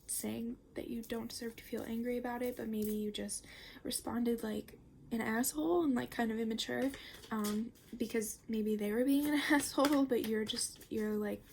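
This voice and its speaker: A young woman giving a casual tarot reading, chatty and rambling, full of fillers and the odd curse word, sometimes slipping into a soft near-whisper. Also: on the high side, fairly even intonation, normal speed, creaky, slight background noise. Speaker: tarot reader.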